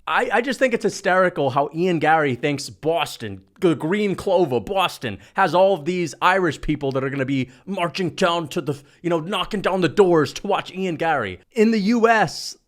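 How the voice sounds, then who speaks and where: A man from New rants about combat sports in a high, lively voice. He mocks and swears freely, with the loose tone of a casual vlog. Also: moderate pace, hardly any pauses. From New York. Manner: mocking, profane, animated. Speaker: MMA commentator vlogger. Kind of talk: casual rant.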